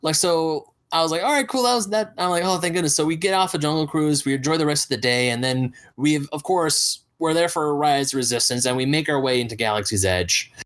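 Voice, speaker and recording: A man's voice: fairly high pitch, brisk, hardly any pauses, fairly bright tone. A man co-hosting a podcast, telling a story in casual chat and acting out the voices of people he quotes. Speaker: podcast co-host.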